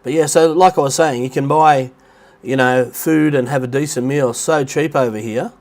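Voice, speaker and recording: A middle-aged man with an Australian accent chats loosely on a livestream from his flat, his voice stuffy and nasal from a blocked nose. He rambles from point to point in an easy, middling pitch and greets viewers by name as he goes. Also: normal speed. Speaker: livestream host. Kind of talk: casual livestream chat. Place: rented apartment near the beach in Thailand.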